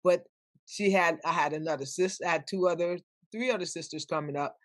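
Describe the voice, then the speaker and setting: A woman's voice: on the low side, brisk, no room sound. An older woman, a podcast guest, telling stories animatedly and acting out the people she quotes. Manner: animated, acts out quoted voices. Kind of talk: storytelling in conversation.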